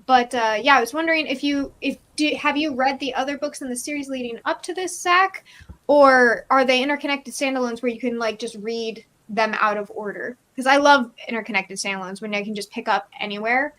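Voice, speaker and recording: A high-voiced woman chats with bubbly enthusiasm as co-host of a live reading stream. Her talk is loose and full of fillers, and she breaks into laughs often. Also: brisk, a bit bright. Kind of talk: casual chat.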